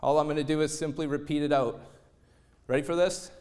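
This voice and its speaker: A man giving a motivational stage talk, a lively storyteller who acts out quoted lines in other voices. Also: fairly high pitch, brisk. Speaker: motivational speaker.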